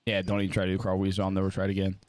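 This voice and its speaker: A man's voice: deep voice, monotone, racing, darkish tone. A man live-streaming a baseball video game, chatting casually and joking around with silly voice impressions. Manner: jokey, tries silly voice impressions, repeats lines. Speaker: gaming streamer. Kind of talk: casual live-stream chat while playing.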